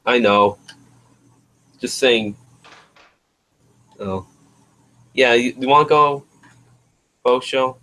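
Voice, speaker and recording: A man's voice: mid-range voice, very slow, long pauses, fairly bright tone, low-quality recording. A man hosting a casual livestream chat, rambling and trailing off as he searches for words. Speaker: livestream host.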